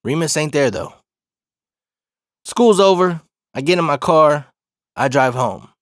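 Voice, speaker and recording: Brief: man from Arizona, slangy, cussing storyteller, slightly high voice, dry close sound. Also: unhurried, dry recording. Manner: profane, slangy, animated retelling. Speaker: storyteller host. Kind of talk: casual storytelling.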